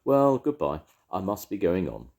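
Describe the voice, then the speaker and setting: An older man voicing a gentle, simple-minded, greedy male bear in a storybook, innocent and earnest. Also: low voice, sing-song, normal speed, pitched above the performer's own voice.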